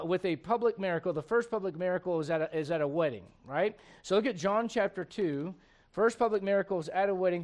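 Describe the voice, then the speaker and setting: A male pastor preaching a conversational sermon, halting and restarting at times and slipping in humorous asides. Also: sits high.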